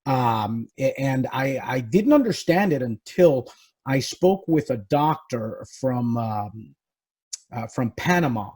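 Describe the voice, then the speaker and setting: A man hosting a podcast interview, speaking reflectively with frequent pauses and restarts. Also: medium pitch, expressive, a little mellow, husky. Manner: reflective, halting, many restarts. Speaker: podcast host. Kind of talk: casual interview conversation. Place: South Florida.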